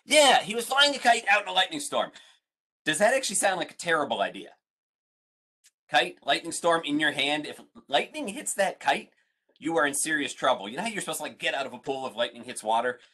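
A man's voice: a little high, very animated, fairly quick, pushed and bright. A man, a museum science educator, leading an online family science lesson, playful and full of questions for his audience.

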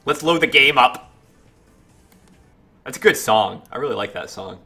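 A man's voice: mid-range voice, lively intonation, a little slow, bright, forceful tone, slightly rough. A man chatting casually while streaming a game, greeting viewers and reacting to it. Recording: game music playing behind. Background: faint game music.

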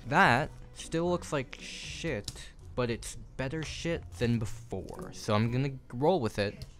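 Young male vlogger, animated swings in pitch, self-deprecating and sweary, phone audio in a home kitchen. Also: slow, soft background music. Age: young adult. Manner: flustered, self-mocking, swears often. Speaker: YouTuber. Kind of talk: casual vlog commentary while building. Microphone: phone camera.

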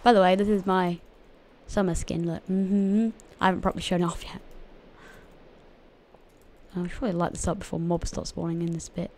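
A woman's voice: lowish voice, level tone, normal speed, pauses often, darkish tone, slight background noise. A woman hosting a gaming channel, giving casual, chatty gameplay commentary to her viewers and often giggling.

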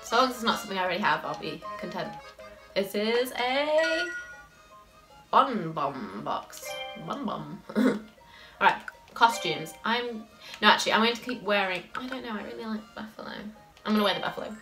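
A woman's voice: mid-range voice, quick pace, over music, poor audio. A woman chatting casually through a gameplay video, reading game text aloud and laughing often.

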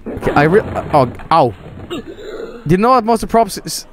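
A young man casually commenting while he plays a video game, excitable and often swearing. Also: sits high, moderate pace, over music. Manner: excitable, swearing, laughing, reading game lines aloud. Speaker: streamer. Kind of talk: casual let's-play commentary.

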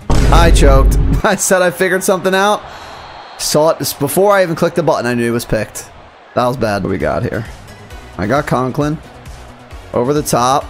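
A young man commentating his own video game match, muttering plays quietly and then yelling at the big moments. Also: mid-range voice, vocal fry. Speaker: gaming YouTuber. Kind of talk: live gameplay commentary.

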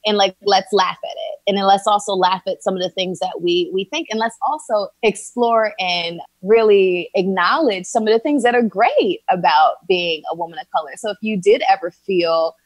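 A woman's voice: mid-range voice, normal speed, hardly any pauses, dry recording. A woman from Philadelphia, an actress and writer, talking earnestly in an interview and thinking aloud as she goes. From Philadelphia, USA. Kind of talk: interview conversation.

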